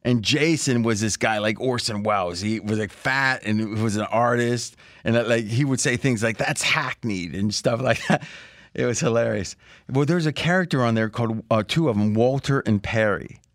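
A man's voice: mid-range voice, normal speed, no room sound. A man hosting a sports betting podcast in a loose, joking way, with a close studio mic. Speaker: podcast host.

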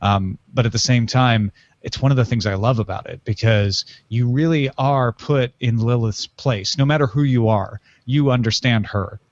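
A man's voice: mid-range voice, normal speed, no echo, highs cut off. A man co-hosting a podcast, talking through a novel's themes in a thoughtful, explaining way. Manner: thoughtful, explains at length with frequent fillers. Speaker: podcast co-host. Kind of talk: casual book discussion.

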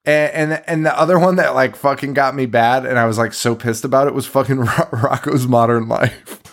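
Speaking at a normal speed with a medium pitch and steady tone, another co-host of the horror podcast chats casually. Tired and yawning, he rambles, swears frequently, and laughs in between his sentences.

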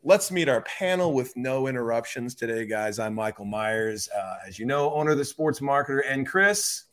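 A man's voice: medium pitch, animated, normal speed, a bit bright. A young man hosting a comedic sports podcast over a remote call, teasing his guests. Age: young adult. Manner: joking, teasing. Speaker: podcast host.

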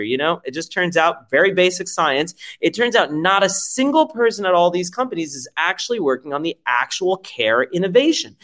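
Startup founder at a keynote, lively swooping delivery, swears freely, punchy rhetorical questions, plays out little scenes. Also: medium pitch. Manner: emphatic, profane, rhetorical questions; acts out quoted dialogue in the telling. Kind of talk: keynote-style pitch talk.

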